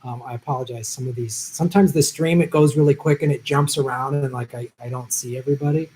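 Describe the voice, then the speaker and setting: A man's voice: mid-range voice, steady tone, darkish tone, slight background noise, poor audio. Easygoing male live stream host. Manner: chatty, easygoing, quick to laugh. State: voice tiring after a long stream. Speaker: live stream host answering viewer questions. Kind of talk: casual live stream chat. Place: at home.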